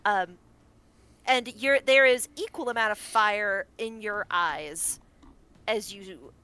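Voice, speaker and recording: A woman's voice: medium pitch, slow pace, bright, forceful tone, clean tone. A woman narrating a tabletop game as game master, in a playful tone with frequent laughter.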